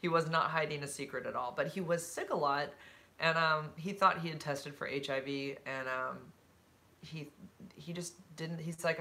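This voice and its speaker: A woman's voice: sits low, normal speed, pushed and bright. A woman chatting candidly on a live stream, reading out viewer comments and answering them with fillers and laughs.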